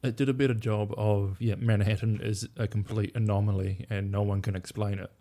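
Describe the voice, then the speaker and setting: A man's voice: fairly low pitch, steady tone, fairly quick, mellow. A young man co-hosting a casual podcast chat, making dry, wry asides with many ums. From New Zealand. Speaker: podcast co-host.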